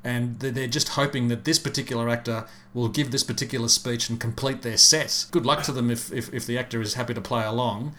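A man's voice: medium pitch, fairly even intonation, a little fast, few pauses, sharp tone. A man co-hosting a podcast, giving his views in a blunt, opinionated way. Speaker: podcast co-host. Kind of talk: casual chat.

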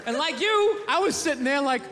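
A man doing stand-up comedy on a theater stage, ranting, profane and animated. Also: extremely high pitch, fairly quick, crowd noise. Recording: reverberant theater, faint noise.

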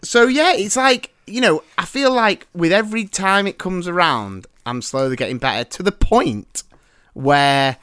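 A man's voice: high-pitched, animated, measured pace, a bit bright, clear, resonant tone, dry recording, clean studio sound. A man hosting a podcast, chatting casually and joking at his own expense with nervous restarts. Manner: joking, self-mocking, restarts when nervous. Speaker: podcast host. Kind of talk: casual chat.

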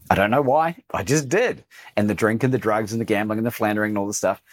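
An Australian man, a coach, telling a personal story as a guest in a podcast interview and acting out the lines of others. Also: mid-range voice. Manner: animated storyteller, acts out quoted dialogue.

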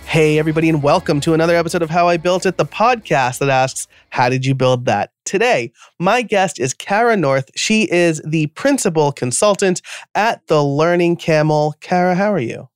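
A man's voice: a little high, moderate pace, smooth, dry recording, studio quality. A man with a New York accent hosting a podcast, chatting casually with lots of fillers and self-deprecating asides. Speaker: podcast host.

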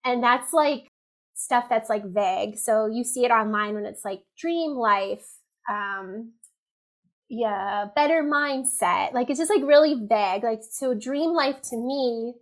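A woman talks through her advice in a relaxed interview, her voice sitting a little high. She fills her sentences with "like" and "you know", circling back and rephrasing as she goes. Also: measured pace. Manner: chatty, full of "like" and "you know", animated. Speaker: copywriting guest. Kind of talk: casual interview chat.

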